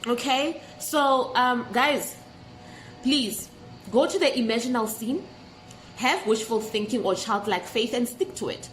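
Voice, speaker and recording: A woman giving an unscripted, passionate motivational talk to camera as a manifestation vlogger and mentor, emphatic and close to yelling. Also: a little slow, faint music behind. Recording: echoey room with faint rumble.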